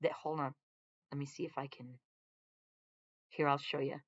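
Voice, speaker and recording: This woman speaks low with little pitch movement at a normal speed, and the recording has its highs cut off. A military veteran and vlogger, she chats on a home live stream from her living room, easily distracted, rambling through tangents and talking to her dogs and viewers.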